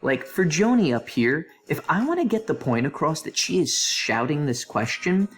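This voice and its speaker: Animated male teacher with a lively voice. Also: on the high side, normal speed, breathy edge. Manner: animated, playful asides to students. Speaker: English teacher. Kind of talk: recorded grammar review lesson.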